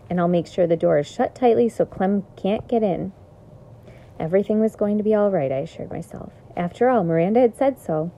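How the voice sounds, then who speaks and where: Warm-voiced woman reading a storybook. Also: medium pitch, gravelly, low-quality recording. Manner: expressive storytelling in first person. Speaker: reader. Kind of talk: reading a children's chapter book aloud.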